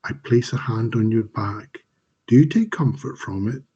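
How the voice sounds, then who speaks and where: A man, the author, reading his dark fantasy fiction aloud in a slow, measured, dramatic way, over a home mic on a live stream. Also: lowish voice, breathy edge, lo-fi sound.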